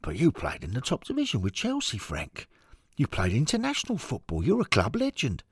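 A man's voice: mid-range voice, huge pitch swings, fairly quick, slightly rough, dry recording, studio quality, voice pushed up, exaggerated voice. A man doing a blunt nostalgic football fan. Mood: concerned. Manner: blunt, plain-spoken.

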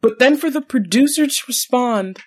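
A woman's voice: high voice, expressive, moderate pace. A woman co-hosting a podcast, giving wry, exasperated commentary in casual chat. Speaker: podcast co-host.

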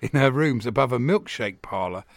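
A man's voice: medium pitch, animated, normal speed, gravelly, dry recording, clean studio sound. A man co-hosting a casual chat, bantering wryly and chuckling often. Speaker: co-host.

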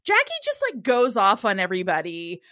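Woman podcast host, dry close sound, bright tone, animated recapping. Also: medium pitch, dry recording. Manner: animated, acts out characters' lines in quick voices. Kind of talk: casual comedy podcast recap.

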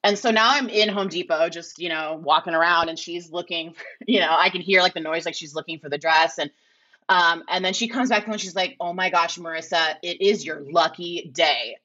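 A woman's voice: lowish voice, brisk, pushed and bright, muffled recording. A woman guest telling a story casually, rambling with many filler words and acting out the conversations she had. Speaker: podcast guest.

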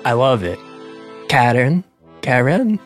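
A playful man co-hosting a comedy podcast, tossing out jokes in casual banter. Soft music sits under his voice. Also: mid-range voice, big pitch swings, slow. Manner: playful, jokey. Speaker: podcast co-host.

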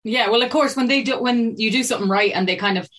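A woman's voice: a little high, fast talker, a bit bright. An Irish woman hosting a casual interview, teasing her guest and laughing often. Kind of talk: casual chat.

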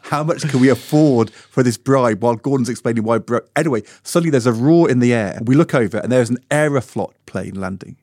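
A middle-aged man co-hosting a podcast, telling a lively anecdote in casual chat. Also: medium pitch, a little fast, hardly any pauses, dry recording, studio quality. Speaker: podcast co-host.

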